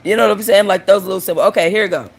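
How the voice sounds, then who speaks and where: A woman's voice: medium pitch, very fast, vocal fry, breathy edge. A woman hosts her own channel and tells stories and jokes in a casual way. She is crude and blunt, and she speaks straight to her viewers. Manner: crude, joking and blunt, addresses the audience directly. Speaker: host. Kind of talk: casual storytelling and joke telling.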